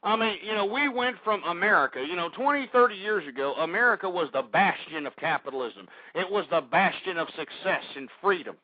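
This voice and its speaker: An older talk radio host rants in a high-pitched voice, his words squeezed through a thin, phone-like line. He keeps saying "folks" and "I mean", and his anger climbs into shouting. The sound is dry, with no room around it. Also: expressive, a little fast, few pauses, no echo. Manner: ranting, building to furious shouting; repeats "folks" and "I mean" constantly. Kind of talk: political talk radio monologue.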